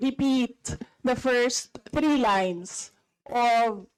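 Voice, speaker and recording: A woman's voice: a little high, extremely slow, clean tone, low-quality recording. A woman with a Filipino accent, answering questions at a formal hearing in a combative, insistent way, often cutting in.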